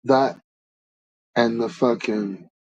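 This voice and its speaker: A man's voice: mid-range voice, steady tone, slow pace, darkish tone, highs cut off. A man streaming and ranting to his chat in a blunt, profane, swear-filled way. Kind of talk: casual rant to chat.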